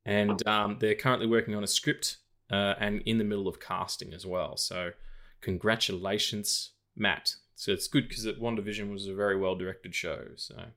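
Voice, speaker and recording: A man's voice: lowish voice, fairly even intonation, normal speed, fairly bright tone. A man, co-hosting a casual film podcast, rambling with lots of fillers and restarts. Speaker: podcast co-host.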